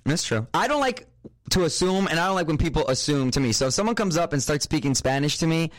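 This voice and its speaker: A man co-hosting a podcast, chatting casually in an animated, jokey way. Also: fairly high pitch, fast, no echo. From United States. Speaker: podcast co-host. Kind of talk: casual chat.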